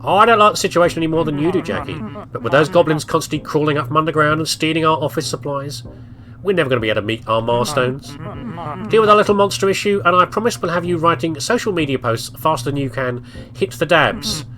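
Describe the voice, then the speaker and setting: A man's voice: on the high side, lively intonation, quick pace, crowd noise, voice pushed up, natural voice. A man putting on a chirpy pushy office boss. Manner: chirpy, falsely encouraging. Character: upbeat pushy male office manager.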